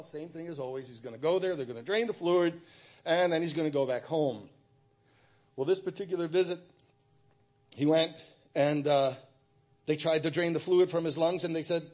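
A middle-aged man giving a personal church testimony, speaking haltingly with frequent restarts. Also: a little high, a little mellow.

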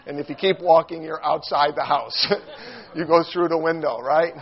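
A man preaching a sermon, telling a funny childhood story in an animated, self-mocking way and acting out quotes with squeals and shouts. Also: fairly high pitch, moderate pace, gravelly, breathy edge, highs cut off.

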